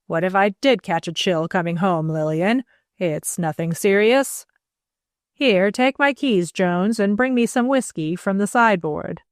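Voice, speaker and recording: Brief: a woman doing a sulky, petulant gentleman, put-upon. Dry close read. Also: medium pitch, a little slow, no room sound, close to an everyday voice. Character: petulant, chilled man of the house.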